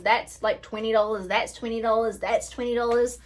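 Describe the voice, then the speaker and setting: A woman beauty vlogger in an excited unboxing chat, gushing and often gasping and squealing. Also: on the high side, moderate pace.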